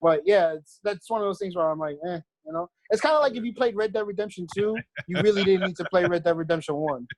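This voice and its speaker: A man co-hosting a podcast in casual chat, blunt and swearing a lot as he talks in quick bursts. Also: high voice, no echo. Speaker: podcast co-host.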